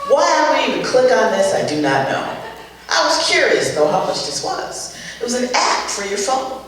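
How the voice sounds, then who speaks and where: An older woman performs stand-up comedy, her storytelling animated and exasperated, full of punchy asides. Her pitch leaps and dips constantly. She sounds far from the mic in a very echoey hall with faint ambient noise. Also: moderate pace. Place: stage at a charity show with a live audience.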